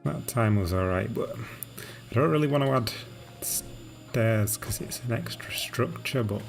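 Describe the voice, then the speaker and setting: Man, live game stream, relaxed commentary, slow unhurried delivery. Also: mid-range voice, gravelly, soft background music. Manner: relaxed, narrating his gameplay.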